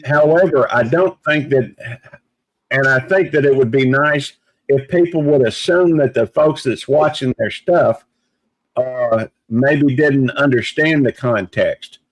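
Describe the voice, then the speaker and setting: A man talking in a casual live chat, measured and reflective, with many pauses and restarts. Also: medium pitch, no echo, low-quality recording.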